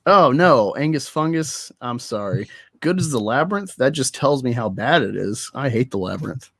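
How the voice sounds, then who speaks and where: A man's voice: medium pitch, lively intonation, normal speed, no echo. Dry-sounding, chatty co-host man. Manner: chatty, opinionated about movies, laughs often. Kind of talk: casual chat on a live stream.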